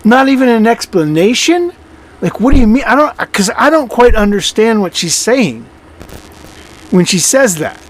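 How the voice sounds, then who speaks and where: A man's voice: sits high, very animated, normal speed. A man commenting on a video clip, mocking and incredulous, repeating himself and swearing as he talks. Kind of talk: sarcastic reaction commentary.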